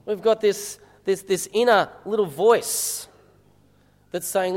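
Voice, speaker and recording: A man's voice: high-pitched, takes it slowly, long reverb tail. A man preaching a sermon as a minister, talking conversationally and asking the congregation rhetorical questions.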